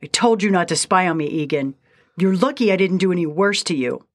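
Brief: sharp-tongued young woman, curt and spiteful, dry close read, from a woman narrator. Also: fairly low pitch, animated, brisk, no room sound. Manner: curt, through clenched teeth. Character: spiteful young village woman, proud and prickly.

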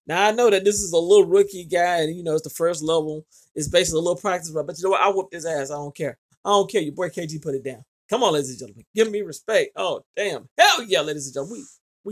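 A man's voice: high voice, lively intonation, fast talker. A man hosting a gaming channel, giving boastful, hyped let's-play commentary, swearing and calling out to his viewers.

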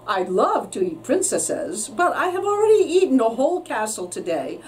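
Woman reading as a boastful male dragon, slow drawn-out words, storybook, distant mic, faint hiss. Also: sits high, sing-song, voice pushed up.

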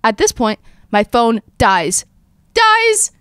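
Smooth-voiced young woman telling a dramatic story. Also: mid-range voice, normal speed, dry recording, clean studio sound. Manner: animated, dramatic storyteller acting out her own quotes. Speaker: podcast host. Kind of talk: casual storytelling chat.

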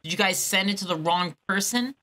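A woman's voice: mid-range voice, fairly quick, pushed and bright. A woman baiting a phone scammer, sarcastic and teasing while she plays dumb. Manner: sarcastic, teasing, mock-naive. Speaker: scam baiter. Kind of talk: prank call with a scammer.

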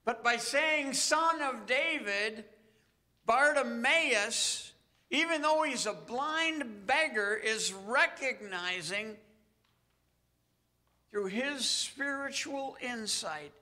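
A male pastor delivers a sermon in a high, very bright voice. He speaks slowly and earnestly, breaking his phrases with dramatic pauses. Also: lively intonation.

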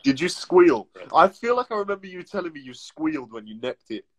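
Husky young guy telling stories. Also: on the high side, brisk. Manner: laughing storyteller, lively anecdotes with slang. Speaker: co-host. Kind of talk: casual chat.

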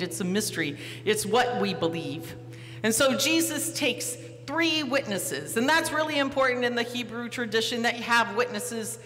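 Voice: medium pitch, sharp tone. A pastor giving a sermon in a church, telling the story vividly and asking the congregation questions. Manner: storytelling, acting out the disciples, posing questions to the listeners. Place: church sanctuary. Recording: reverberant church hall, faint hum.

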